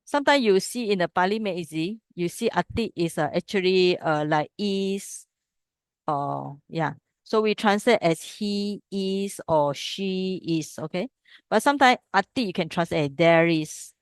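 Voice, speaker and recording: A woman's voice: on the low side, a little slow, smooth, dry recording, studio quality. A woman teaching a class on reading old scripture. She explains step by step and keeps checking with the students. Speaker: Pali teacher. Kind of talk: classroom text study lesson.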